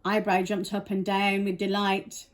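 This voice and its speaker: A woman's voice: medium pitch, monotone, measured pace, rough recording. A woman reading a children's picture book aloud with wry, teasing asides. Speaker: storybook reader.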